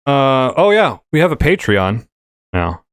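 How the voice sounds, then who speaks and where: A man's voice: medium pitch, sing-song, measured pace, clear, resonant tone, no room sound. A man hosting a casual tabletop gaming podcast, rambling with many fillers and restarts. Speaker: podcast host. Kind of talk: casual chat.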